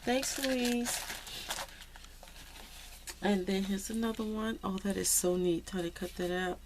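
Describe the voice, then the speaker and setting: A crafting vlogger gushes with delight as she unboxes handmade cards in a casual happy-mail video, excitable and full of "y'all." Her voice is mid-range and a little slow, with a slight hiss or hum in the recording.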